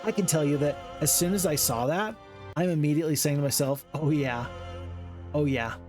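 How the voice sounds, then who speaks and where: A man talks through a strategy-game playthrough in a casual, joking way, breaking into excited outbursts now and then. He sounds tired from the late hour, and his voice sits a little higher than most men's. Quiet game music plays underneath. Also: normal speed. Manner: chatty, jokey, excitable outbursts. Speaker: gaming commentator. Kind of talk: casual let's-play commentary.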